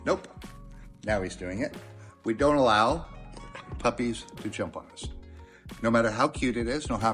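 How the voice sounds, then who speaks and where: Calm, plain-spoken male dog trainer. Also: lowish voice. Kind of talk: instructional talk to camera.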